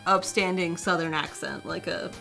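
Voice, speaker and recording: A woman with a low voice chats as co-host, filling in details and finishing her partner's sentences. Faint music plays in the background. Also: steady tone, normal speed, gravelly, bright, forceful tone. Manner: chatty, adds details and finishes his sentences. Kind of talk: casual chat.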